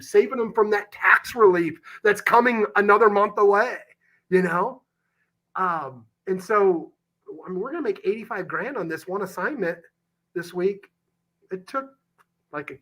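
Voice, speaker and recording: Passionate and emphatic, this real estate investor describes his deals as a podcast guest, with salesman energy and a casual swear now and then. His voice is high with a fairly bright tone.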